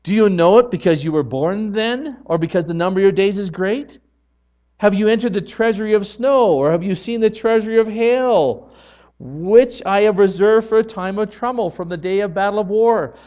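A man delivers a sermon in a slightly raised voice, earnest and emphatic, swinging between hushed moments and forceful declarations. The recording sounds muffled and lo-fi. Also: sits high, normal speed. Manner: earnest preaching, swelling to loud emphatic lines. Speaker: pastor.

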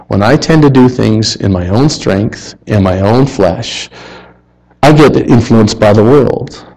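A man preaching a sermon in an earnest way, rising to animated emphasis and dropping to quiet asides. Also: medium pitch, poor audio.

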